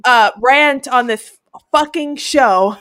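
Rambling young woman with a higher voice. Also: slow pace, fairly bright tone. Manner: rambling, restarts, laughs along. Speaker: podcast co-host. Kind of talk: casual chat.

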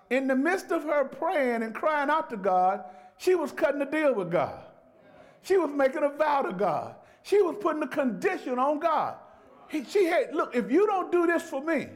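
A pastor preaching a sermon, folksy, asking the church to repeat his words and rising to shouts at the peaks. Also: very high-pitched. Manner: call-and-response preaching, folksy.

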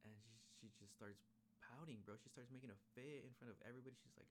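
A man's voice: mid-range voice, quick pace, a little hiss or hum. A man hosting a podcast, recapping an episode in laid-back, rambling slang with a lot of swearing. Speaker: podcast host. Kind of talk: casual chat recapping an episode.

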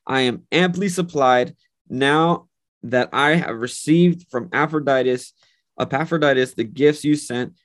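A man's voice: medium pitch, a little slow. A man preaching a sermon and leading a prayer, earnest and emphatic, often repeating his words. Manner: earnest, repetitive, emphatic phrasing. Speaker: pastor.

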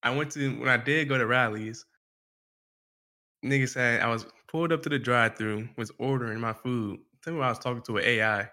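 A man co-hosting a podcast, spinning a laid-back story in slang-heavy casual chat. His voice is bright and forceful, with a medium pitch. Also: brisk. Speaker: podcast co-host.

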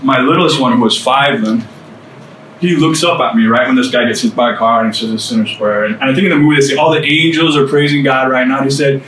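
A guest speaker shares his testimony with a small indoor group, casual and earnest, sprinkling in "man" and "dude" and repeating phrases for emphasis. His mid-range voice is fairly bright and a little fast. The echoey room is recorded from a distance with a faint hum in the background.

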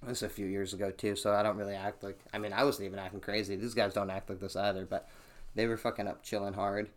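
A man's voice: fairly low pitch, flat delivery, fast talker. A man hosting his own podcast from a small home room, telling rambling, profane stories full of "like" fillers, with the microphone set on a towel-covered chair. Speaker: podcast host. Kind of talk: casual solo storytelling.

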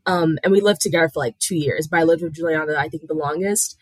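A woman's voice: low voice, fast talker, husky, no echo. A young adult woman co-hosting a podcast, answering hesitantly and thinking aloud in casual chat. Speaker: podcast co-host.

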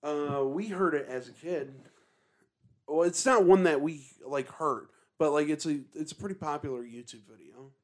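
A man's voice: on the high side, normal speed. Laid-back rambling male podcast co-host. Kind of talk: casual chat about ghost recordings.

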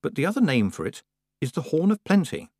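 A man's voice: on the high side, sing-song, brisk, darkish tone, no echo, clean studio sound, pitched above the performer's own voice. A man voicing a sensible, earnest young witch girl who speaks patiently.

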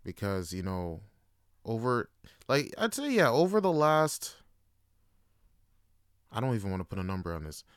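A man's voice: fairly low pitch, clear, resonant tone, no room sound, studio quality. A young man talking in a laid-back, slangy way in a casual solo podcast monologue, swearing and using many fillers. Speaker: podcast host.

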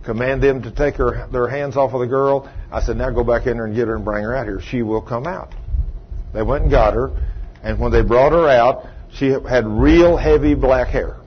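A man's voice: mid-range voice, normal speed, slightly rough. A middle-aged man preaching a sermon as a story, folksy in tone and rising to emphatic outbursts. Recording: dull lo-fi recording.

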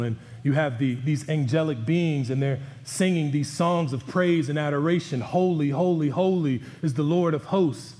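Emphatic male preacher in a reverberant hall. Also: darkish tone. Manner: emphatic preaching, voice dropping low on key words. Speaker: pastor. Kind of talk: sermon. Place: church sanctuary.

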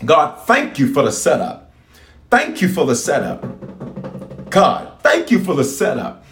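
Male pastor, emphatic, repetitive exhortation, highly animated delivery, echoey room. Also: slow, faint music behind. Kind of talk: fiery livestream prayer sermon. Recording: roomy echo.

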